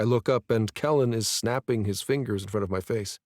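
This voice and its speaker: A male narrator reading a first-person romance audiobook in a measured, even way. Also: mid-range voice, dry recording, clean studio sound.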